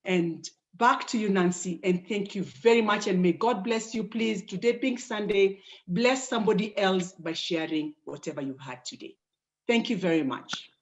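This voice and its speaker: A woman's voice: medium pitch, moderate pace. A woman giving polite closing remarks on a group video call, thanking listeners often. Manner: warm, polite, with frequent thanks. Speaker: call presenter closing the session. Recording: dull lo-fi call audio.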